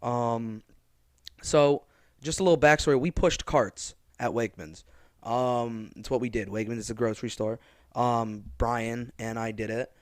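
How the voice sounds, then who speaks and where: A man's voice: medium pitch, a little slow, no echo, studio quality. A young man co-hosting a podcast, chatting casually and acting out quoted lines with gusto. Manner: animated storyteller, acts out quotes loudly. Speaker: podcast co-host. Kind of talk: casual chat.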